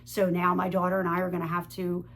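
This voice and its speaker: A woman's voice: on the low side, monotone, quick pace, a bit bright. A middle-aged woman sharing a personal divorce story and advice in an earnest, candid way, with occasional fillers. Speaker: divorce advice video host.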